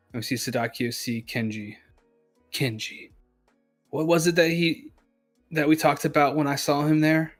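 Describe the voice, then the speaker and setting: A man's voice: fairly high pitch, fairly even intonation, moderate pace, pauses often, faint music behind. A man co-hosting a manga discussion, reading scenes aloud and correcting his own slips as he goes. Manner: narrates scenes plainly, stumbles and corrects himself.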